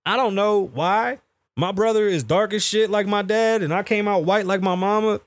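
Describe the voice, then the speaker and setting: Profane New man, higher-pitched. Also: normal speed, no echo. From the Bronx, New York. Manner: profane, heated storytelling. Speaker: podcast host. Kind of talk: casual podcast rant.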